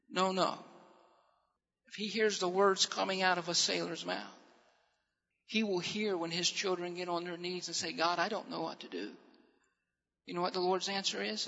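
High-voiced preacher in a reverberant hall. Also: male voice, flat delivery, moderate pace, vocal fry, pauses often. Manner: emphatic preaching, repeats phrases, drops to hushed tones. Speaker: pastor. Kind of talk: sermon. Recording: muffled sound with long reverb in a hall.

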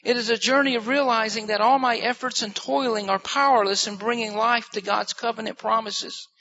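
A man's voice: extremely high pitch, fairly even intonation, a little fast, bright, forceful tone. A man preaching a sermon in an earnest way, repeating phrases for emphasis. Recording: muffled lo-fi recording.

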